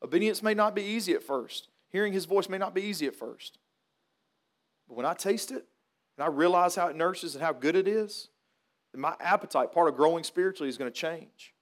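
Male pastor, high voice, folksy storyteller turned earnest preacher. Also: a little fast. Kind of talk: funeral sermon with storytelling.

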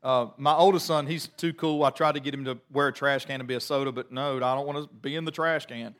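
A middle-aged man preaching a sermon, telling a family story before the scripture reading, in a chatty, self-deprecating, animated way. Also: medium pitch, fast. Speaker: pastor.

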